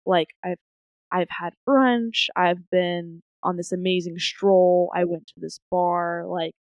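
A young woman co-hosting a podcast in casual chat, telling stories in an animated way and acting out her own thoughts. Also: on the low side, takes it slowly, dry recording, dull audio. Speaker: podcast co-host.

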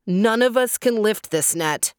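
White Wing, a woman doing a calm dove king. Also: mid-range voice, a little slow, clean tone, no room sound, clean studio sound, close to an everyday voice. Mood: reassuring.

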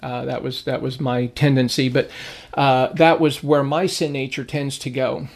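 A man's voice: mid-range voice, little pitch movement, normal speed, vocal fry. A middle-aged man teaching an informal Bible lesson, telling stories in a conversational way and acting out the people he quotes.

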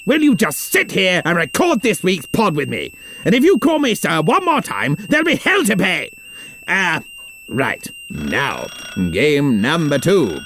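A man's voice: on the high side, wildly swooping pitch, measured pace, fairly bright tone, a little hiss or hum, full character voice. A man playing a pompous, impatient upper-class lord, in a comedy sketch.

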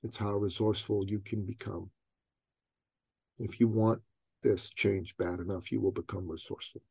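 A man voicing a blunt, no-nonsense business coach in quiet, firm tones. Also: on the low side, level tone, moderate pace, creaky, breathy edge, no echo, pitched below the performer's own voice.

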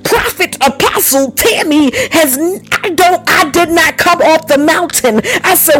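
A woman's voice: very high-pitched, fairly bright tone. A woman preaching on her podcast. She speaks fervently, repeats praise phrases, breaks into tongues and laughter, and slips into half-sung lines. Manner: rhythmic and drawn-out, drifting into half-sung phrases.

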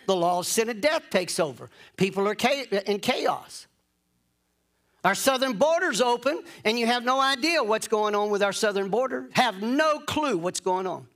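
A man's voice: sits high, animated, moderate pace, fairly bright tone. A man preaching a sermon in an emphatic, insistent way, repeating phrases to drive points home.

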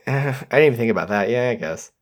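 A man with an ordinary mid-range voice co-hosts a casual podcast chat. He recaps a movie plot in a relaxed, wry way. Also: mid-range voice, fairly quick. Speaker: podcast co-host.

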